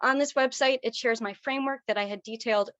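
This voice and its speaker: A woman graduate student presenting her thesis over a video call, tearful, earnest and halting. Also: a little high, a bit bright, no room sound. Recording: dull dry video call audio.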